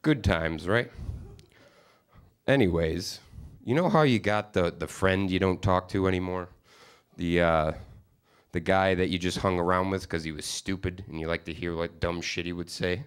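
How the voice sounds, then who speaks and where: Profane stand-up comic, lowish voice. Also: male voice, normal speed, clear, resonant tone. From upstate New York. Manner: profane, rambling, self-deprecating storytelling. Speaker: stand-up comedian. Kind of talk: stand-up comedy set.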